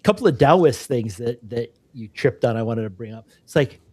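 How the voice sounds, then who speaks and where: A man hosts a laid-back interview podcast, his voice slightly husky. He thinks aloud, circling back and restarting as he unfolds an old parable for his guest. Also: medium pitch, expressive, moderate pace, a little mellow, no room sound. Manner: reflective, rambling storyteller with restarts and "you know". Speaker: podcast co-host. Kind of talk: casual conversational interview.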